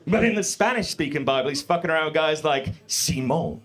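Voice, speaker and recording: A man doing a live stand-up set in a comedy club, profane and animated, speaking into a stage mic. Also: on the high side, fairly quick. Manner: profane, animated, mock-confident.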